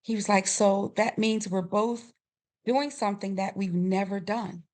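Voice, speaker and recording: A middle-aged woman guest on a podcast, telling a family story with lively quoted voices and frequent laughter. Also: medium pitch, unhurried. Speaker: podcast guest, grief coach. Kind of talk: storytelling in a conversational interview.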